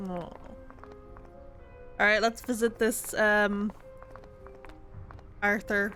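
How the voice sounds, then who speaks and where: A woman's voice: mid-range voice, level tone, slow, long pauses, bright, forceful tone. A woman streamer chatting casually over a game, often mocking the characters. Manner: chatty, laughing, mimics characters. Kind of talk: casual gameplay commentary. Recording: faint game music behind.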